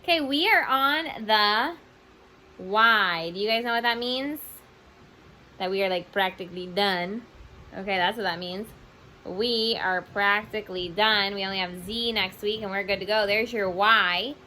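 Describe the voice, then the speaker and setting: A woman's voice: medium pitch, measured pace, pushed and bright, slight background noise. A woman teaching a class, spelling words out letter by letter and mixing in Spanish words. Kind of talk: online class lesson.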